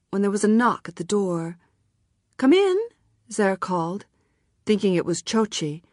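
Low-voiced woman audiobook narrator. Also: no room sound, studio quality. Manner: calm, measured reading.

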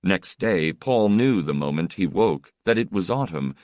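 A man narrating a story in a measured, expressive way. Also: deep voice, no room sound. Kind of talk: scripted narration.

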